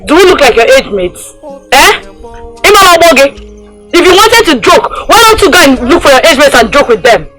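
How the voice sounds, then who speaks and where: A sharp-tongued young village woman with a Nigerian accent. Her pitch swings widely as she scolds with force, over soft film music. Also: big pitch swings, normal speed, low-quality recording. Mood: scolding. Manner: scolding, emphatic.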